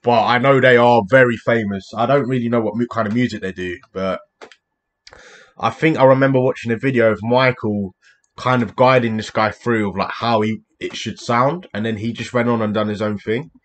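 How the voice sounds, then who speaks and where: A man hosting a reaction video, chatting casually, excitable and laughing often. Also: mid-range voice, normal speed.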